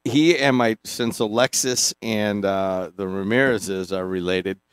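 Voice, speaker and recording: A middle-aged man hosting a radio sports talk show, teasing and joking in quick bursts with frequent restarts. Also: fairly low pitch, clear, resonant tone, no room sound, clean studio sound. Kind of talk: casual radio banter. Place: radio studio. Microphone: studio microphone.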